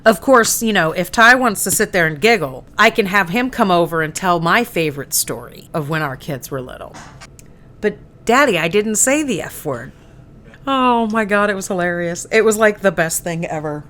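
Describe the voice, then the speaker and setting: A woman's voice: fairly low pitch, expressive, brisk, few pauses, bright, forceful tone. A woman in her forties hosting a live painting stream, chatting casually and laughing easily. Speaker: host. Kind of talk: casual chat while painting miniatures.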